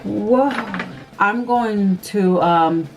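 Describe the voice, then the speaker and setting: A woman vlogger chatting casually through a makeup tutorial, nervous and excitable, gasping and squealing often. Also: on the low side, unhurried. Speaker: beauty vlogger.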